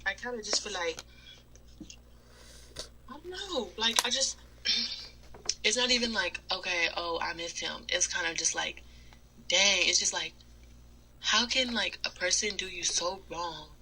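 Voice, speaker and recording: A woman co-hosts a casual podcast chat, rambling candidly through her thoughts with plenty of fillers. Her voice is very bright. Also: fairly low pitch, measured pace, pauses often, a little hiss or hum, rough recording. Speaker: podcast co-host.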